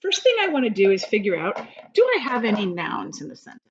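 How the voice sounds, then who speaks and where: A woman's voice: medium pitch, huge pitch swings, quick pace, dull audio. A woman teacher giving a recorded grammar lesson, speaking patiently and encouragingly to young students.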